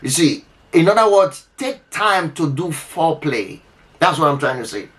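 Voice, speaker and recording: A man's voice: on the high side, big pitch swings, normal speed, fairly bright tone. A man hosting a relationship advice talk, speaking emphatically to the listener, often repeating and restarting his phrases. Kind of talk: unscripted advice talk to camera.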